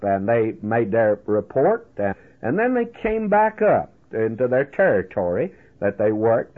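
A man's voice: mid-range voice, husky. A man preaching a storytelling sermon on the radio, folksy and talking straight to his listeners as friends. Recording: tinny lo-fi radio broadcast.

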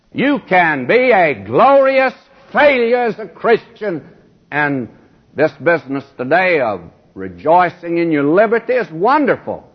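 A man's voice: on the high side, slightly rough, muffled recording. A man preaching a sermon, emphatic, asking his listeners questions as he goes.

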